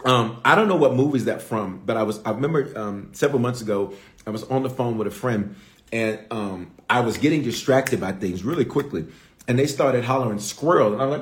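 A man's voice: medium pitch, brisk, echoey room. A man preaching a sermon as pastor, emphatic, repeating key lines and calling out to his audience. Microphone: streamed online service.

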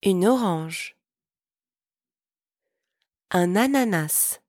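A woman teaching a podcast French lesson, pronouncing each word slowly and clearly so listeners can repeat after her. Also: medium pitch, expressive, dry recording, studio quality. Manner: clear, slow, deliberate pronunciation for repeating. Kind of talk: podcast language lesson with repetition drills.

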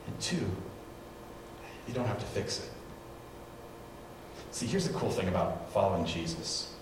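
A man preaching a sermon, animated as he acts out what people said. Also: lowish voice. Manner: animated storytelling, acts out quotes. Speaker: pastor. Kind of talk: sermon with live demonstration. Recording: echoey hall, distant mic, noisy.

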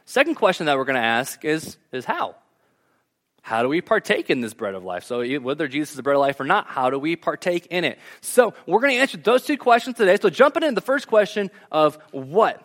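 A man preaching a casual, joking sermon, retelling scripture as a lively story. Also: a little high, fast. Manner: animated storytelling with jokes.

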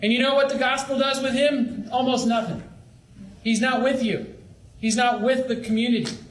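Young guy giving an earnest talk to camp leaders, pretty high voice, echoey room, a bit of noise. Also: fairly even intonation, normal speed. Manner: earnest, pleading, with acted-out asides. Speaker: youth ministry leader.

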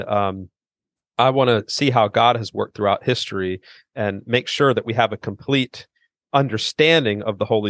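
A man's voice: fairly low pitch, dry recording, clean studio sound. A middle-aged man, a seminary president and author, earnestly explaining theology as a podcast guest, with frequent restarts. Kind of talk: theological interview conversation.

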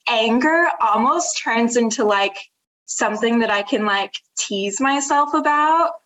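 A young woman artist talks about her studio work in a rambling, laugh-filled way. Her voice is bright and a little higher than most. She leans on fillers as she thinks aloud. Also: a little slow. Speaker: artist and podcast guest. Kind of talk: casual conversation.

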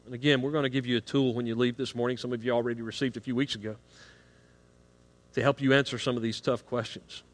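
In a church sanctuary with long hall reverb, a middle-aged pastor preaches a sermon earnestly, building emphasis on key points. He talks fast at a medium pitch in a level tone. He often repeats a word as he starts a phrase.

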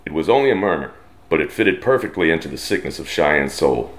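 Deep-voiced Texan man reading a western. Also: big pitch swings, slight background noise. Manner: slow, drawling twang, puts on brief voices for characters. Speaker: storyteller. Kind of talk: reading a western story aloud.

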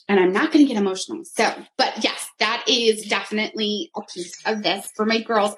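A woman in her thirties speaks in a relaxed, chatty how-to style, moving item by item as a coach would. Her voice sits a little on the high side and stays upbeat throughout. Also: poor audio. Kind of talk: casual how-to talk showing a vision board.

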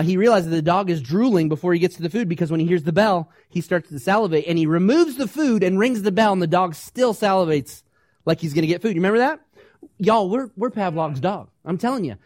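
A man preaching a sermon, animated, asking the congregation questions and acting out the voices he quotes. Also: sits high, fairly quick, no echo, studio quality. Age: young adult or middle-aged, parent of small kids. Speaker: pastor.

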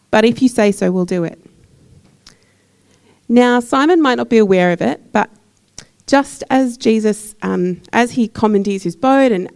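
A woman's voice: a little high, vocal fry, darkish tone. A woman giving a conversational sermon in church, putting questions to the congregation. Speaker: preacher.

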